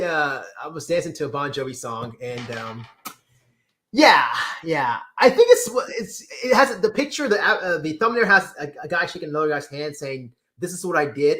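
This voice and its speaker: A man hosting a casual livestream, reading chat comments with lively exclamations and repeated words. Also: a little high. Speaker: livestream host.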